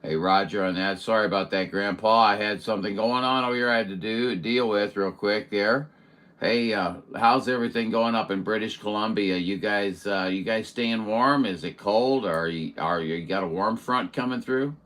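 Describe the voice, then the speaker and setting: A man's voice: fairly low pitch, moderate pace, a bit bright. A man hosting a CB radio session, chatting in a rambling, friendly way with lots of fillers and radio jargon. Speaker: CB radio operator and show host. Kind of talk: casual radio chat.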